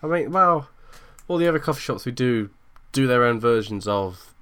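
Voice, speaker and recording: A woman's voice: extremely low pitch, lively intonation. A woman co-hosting a casual chat, teasing dryly and laughing often. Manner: dry teasing, quick to laugh. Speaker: podcast co-host.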